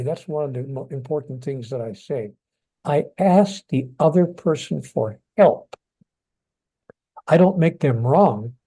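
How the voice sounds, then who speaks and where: An older man, a guest author, talking in an interview in a gentle, soft-spoken, unhurried way. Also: a little high. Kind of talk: interview conversation.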